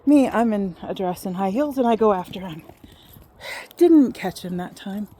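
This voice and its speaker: A woman in her fifties casually telling a personal story, animated and acting out what people said. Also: mid-range voice, moderate pace, breathy edge. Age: 50s.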